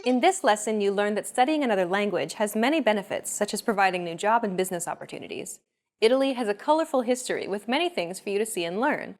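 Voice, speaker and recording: A woman hosting a language lesson, explaining pronunciation in a clear, measured scripted narration. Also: medium pitch, expressive, faint music behind. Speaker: host.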